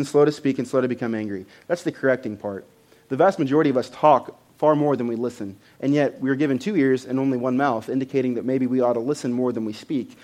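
A man preaching a sermon to a congregation, conversational, with loud emphatic bursts and frequent repeated words. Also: mid-range voice. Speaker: pastor.

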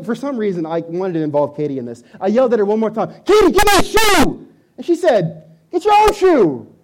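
Man preaching with lively animated storytelling. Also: on the high side. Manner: animated storytelling, voices his own exclamations loudly. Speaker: pastor. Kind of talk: sermon.

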